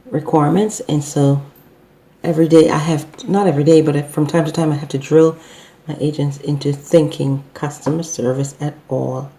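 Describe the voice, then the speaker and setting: A woman's voice: low-pitched, dark tone. A middle-aged woman and business owner, teaching customer service in an unscripted talk, hesitant with many fillers and self-corrections.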